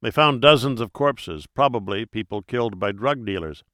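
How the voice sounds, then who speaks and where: A man playing a calm, unflappable male investigator with a dry, understated manner. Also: lowish voice, normal speed, dry recording.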